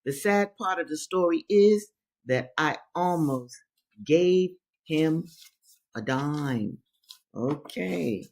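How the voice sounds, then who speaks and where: A woman reads books aloud to her audience in a low-pitched, expressive, darkish voice, taking her time. She comments as she goes, repeats phrases for emphasis, and speaks directly to listeners, calling them brothers and sisters.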